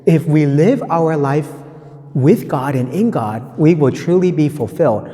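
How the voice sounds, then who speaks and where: A man walks through a gospel reading in an easy teaching tone, stopping to ask "right?" and stressing his points again. His voice is mellow and dark. The sound rings with a long reverb tail. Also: on the high side, expressive, a little slow. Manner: conversational, repeats points, many "right?" tag questions. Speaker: preacher giving a gospel reflection. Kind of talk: teaching reflection on scripture.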